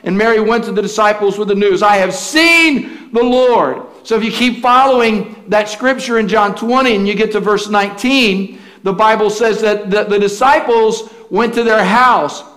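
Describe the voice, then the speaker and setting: High-voiced pastor preaching a folksy sermon. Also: male voice, steady tone, moderate pace, a bit bright. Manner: folksy, storytelling, with frequent restarts.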